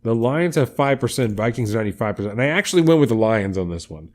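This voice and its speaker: A podcast co-host with a mid-range, expressive voice talks fast in a casual sports chat. Laid-back and a bit profane, he reads off his football picks and odds.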